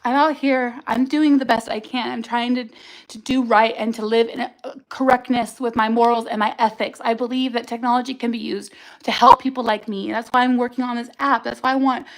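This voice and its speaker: A livestream host talks a little fast in a slightly high voice with fairly even intonation, on a low-quality recording. She's giving an emotional personal testimony, angry and raw, with cursing and bursts of speech.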